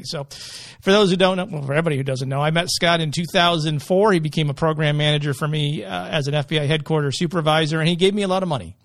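Fast-talking gravelly man hosting a podcast. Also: fairly high pitch, steady tone, dry recording, clean studio sound. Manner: joking, rambling with many restarts. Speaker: podcast host. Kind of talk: casual interview.

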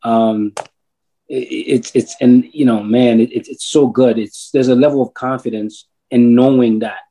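A man talking casually about faith, agreeable and full of affirmations, with halting restarts. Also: mid-range voice, fairly even intonation, mellow.

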